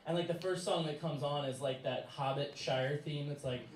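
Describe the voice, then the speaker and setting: A young man with a slightly high voice tells a personal story at a live storytelling night, loose and casual, laughing often between his many fillers. He sounds set back from the mic in an echoey room with faint noise around him. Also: normal speed, far from the mic. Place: stage in a small venue.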